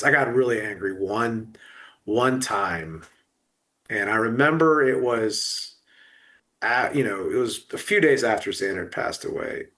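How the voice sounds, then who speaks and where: A man's voice: on the low side, a bit bright. A middle-aged man talking about loss in an emotional podcast conversation, full of restarts and fillers. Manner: halting, many restarts and fillers. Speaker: guest.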